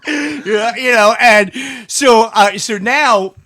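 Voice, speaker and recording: A middle-aged man telling a story in casual podcast chat, animated and profane, laughing often. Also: extremely high pitch, takes it slowly. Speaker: podcast host.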